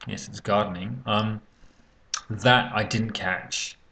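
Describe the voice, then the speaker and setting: A man with a low, gravelly voice walks through feedback on a student's spoken exam answer. He talks off the cuff, hesitant and halting, full of ums and repeated words as he gathers his thoughts. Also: fairly even intonation, pushed and bright, a little hiss or hum. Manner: hesitant, many fillers and restarts, occasional coughs. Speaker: English exam teacher. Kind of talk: unscripted spoken lesson.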